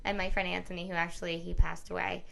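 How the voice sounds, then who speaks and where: Her voice sits a little low, with vocal fry and a quick pace. She co-hosts a podcast, chatting casually and telling stories with real animation and frequent laughter.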